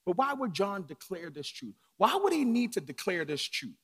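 A man preaching a sermon from the pulpit, dropping to hushed lines and climbing to shouts. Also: sits high, very animated, moderate pace, breathy edge. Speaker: pastor. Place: church sanctuary.

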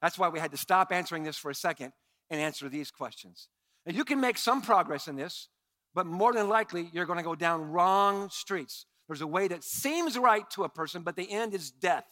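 A middle-aged man preaching a sermon as pastor, animated and impassioned. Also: high-pitched, moderate pace.

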